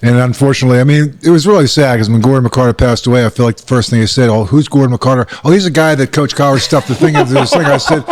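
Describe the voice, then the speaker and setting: A man in his sixties tells stories at a bar table, voice of middle height. He acts out every quote, jumping sharply higher whenever he replays what was said. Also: brisk. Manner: animated, acts out quotes with sharp rises in pitch. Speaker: guest, former football coach. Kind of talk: storytelling in casual chat.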